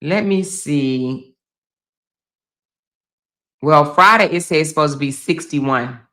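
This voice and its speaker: Chatty, low-voiced woman blogger on a livestream. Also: takes it slowly, fairly bright tone. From Chicago. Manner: chatty, emphatic, swears freely, calls viewers baby and girl. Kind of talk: casual livestream commentary, reading chat comments. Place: home, indoors.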